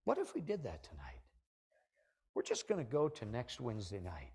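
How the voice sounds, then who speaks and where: A middle-aged man preaching a sermon from the pulpit of a church, animated and building to loud, emphatic peaks. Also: on the low side, normal speed, husky. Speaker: pastor. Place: church sanctuary.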